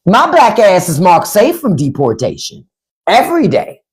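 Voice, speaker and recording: A woman's voice: medium pitch, wildly swooping pitch, normal speed, darkish tone. A woman hosting a livestream, talking in a blunt, profane and sarcastic way. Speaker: livestream and podcast host. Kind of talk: unscripted livestream commentary.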